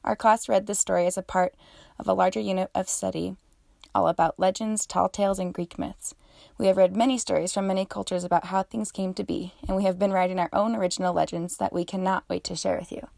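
A woman teacher closes a class storytelling podcast with a steady scripted read. Her mid-pitched voice carries a gravelly fry, and the recording is close and dry. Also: fairly quick, dry recording. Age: adult.

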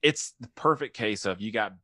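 A young man co-hosting a podcast in casual chat, loose and joking, quick to laugh. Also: on the low side, bright, forceful tone, no room sound, clean studio sound. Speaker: podcast co-host.

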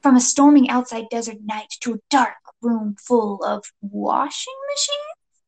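A woman's voice: a little high, fairly even intonation, moderate pace, mellow. Playful woman narrating a comic adventure. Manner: playful, dramatic, jokey asides. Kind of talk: second-person comic story narration.

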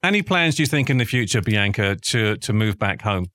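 A podcast host with a bright, forward voice that rises and falls a lot. He asks short, easygoing questions and laughs along with his guest. The sound is close and dry. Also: lowish voice, animated, a little fast, no echo. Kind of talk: casual interview.

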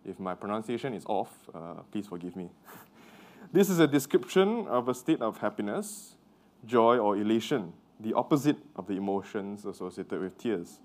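Low-voiced man preaching a sermon, Mandarin native. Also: big pitch swings, normal speed, darkish tone. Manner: conversational, quizzes the congregation.

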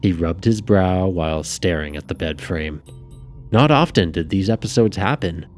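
Casting: male audiobook narrator, very low voice, measured delivery, faint music bed. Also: lively intonation, a little mellow.

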